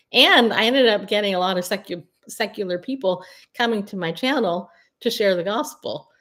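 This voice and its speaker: A middle-aged woman hosting a casual livestream from home, telling animated stories with outspoken asides and frequent laughter. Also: mid-range voice, normal speed. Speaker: Christian media host and coach. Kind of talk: casual solo livestream talk.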